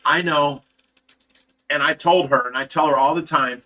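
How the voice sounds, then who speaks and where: A man's voice: on the high side, fairly quick, sharp tone. A middle-aged man from Ohio hosting a livestream, telling a long personal story in a candid, rambling way with frequent restarts. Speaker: livestream host.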